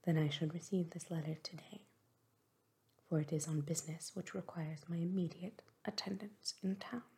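A woman voicing a reserved, formal gentleman colonel in a whispered role-play reading. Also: lowish voice, steady tone, moderate pace, slight background noise, close to an everyday voice. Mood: grave.

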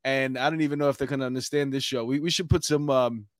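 A man's voice: medium pitch, fairly even intonation, fast talker, no room sound, clean studio sound. A middle-aged man with a New York accent, hosting a casual chat show and rambling with many fillers. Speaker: podcast host.

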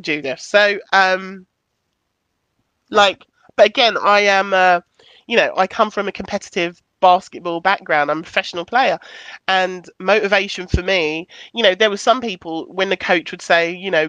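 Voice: medium pitch, moderate pace, bright, forceful tone, no echo. A podcast host in casual chat, reading out listener comments, candid and affectionate, who swears casually.

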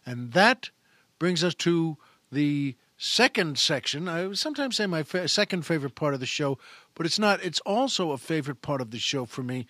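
A man's voice: fairly high pitch, a bit bright, no echo. A man hosting a show, telling a joke in a chatty, folksy, self-amused way. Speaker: radio host. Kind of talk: casual storytelling monologue.

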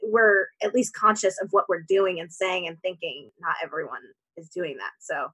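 A woman co-hosting a casual conversation, speaking calmly and thoughtfully. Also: fairly low pitch, normal speed, slightly rough, low-quality recording.

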